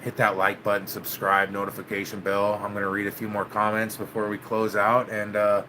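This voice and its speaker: Casual male host, laid-back and profane, bright tense tone, light background hiss. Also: fairly low pitch, little pitch movement, moderate pace, hardly any pauses. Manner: laid-back, swears, keeps saying "man". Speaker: channel host. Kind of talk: casual vlog chat with live viewers.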